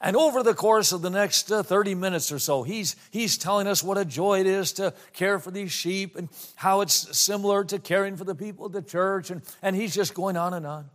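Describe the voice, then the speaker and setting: A middle-aged man delivers a sermon in a high, light voice. He tells a homey story with easy asides, then slows right down when he quotes scripture. His manner is warm, plain pulpit storytelling. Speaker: pastor.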